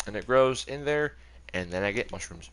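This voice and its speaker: Bright-toned young man touring his game world. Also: medium pitch, animated, moderate pace, slight background noise. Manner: rambling, chatty, self-correcting. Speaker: gaming video creator. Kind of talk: casual game tour commentary.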